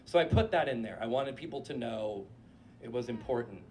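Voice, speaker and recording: A man in his forties from New Hampshire, telling a casual, profane and animated story on stage before a live audience. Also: mid-range voice, a little fast, a little hiss or hum.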